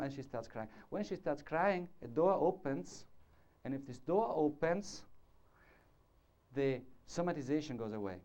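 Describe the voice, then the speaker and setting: Dark-voiced man lecturing at a conference. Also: a little high, animated, unhurried. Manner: discursive, demonstrating with gestures and asking the audience. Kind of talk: live conference talk. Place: lecture hall before an audience. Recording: dull lo-fi 1990s conference tape.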